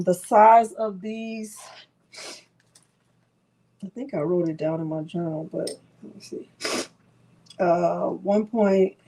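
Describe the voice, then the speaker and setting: A woman's voice: mid-range voice, a little mellow. A woman hosting a live craft tutorial, talking in a chatty, rambling way with lots of fillers and restarts. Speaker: crafting host.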